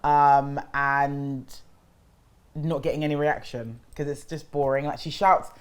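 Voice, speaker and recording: A young woman talks straight to camera in a low voice. She roasts people bluntly with plenty of slang, in a sassy, casual vlogger's way. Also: fairly even intonation, measured pace. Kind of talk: casual reality-show recap.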